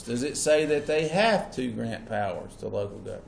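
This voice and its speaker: A man's voice: mid-range voice, expressive, normal speed, vocal fry, hardly any pauses, a little mellow. Male teacher, patient lecture that keeps checking on the class, echoey classroom with a faint hum. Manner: checks in with students often.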